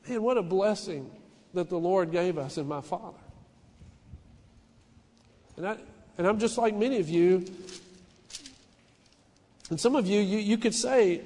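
A middle-aged pastor with a fairly high voice preaches earnestly, stumbling into restarts and lifting his emphasis as he presses a point. His words ring out with a long reverb, as in a large church hall. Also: normal speed, pauses often, dark tone. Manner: earnest, personal, with frequent restarts and rising emphasis. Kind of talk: sermon.

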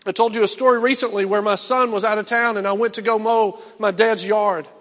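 A middle-aged man preaching in a church sanctuary, with a fairly high voice. His delivery swings between loud, impassioned calls and low, quiet urging, and a long reverb trails every phrase. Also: fairly even intonation, fairly quick. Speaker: pastor. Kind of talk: sermon.

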